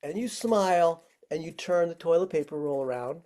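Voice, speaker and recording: Mellow-voiced man teaching on a video call. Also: a little high, expressive, moderate pace. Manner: friendly, demonstrating simple tricks step by step. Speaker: firefighting instructor. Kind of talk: virtual training lesson.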